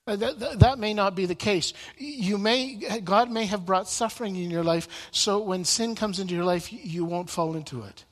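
Halting male preacher in a reverberant hall. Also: high-pitched. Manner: halting, with frequent repeated words and restarts. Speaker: Bible teacher. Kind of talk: sermon-style Bible teaching. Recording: long reverb in a large room.

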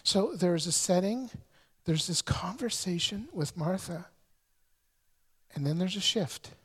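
Husky pastor guy preaching, earnest, keeps repeating words as he goes. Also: high-pitched. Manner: earnest storytelling, many stumbling repetitions. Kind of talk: sermon.

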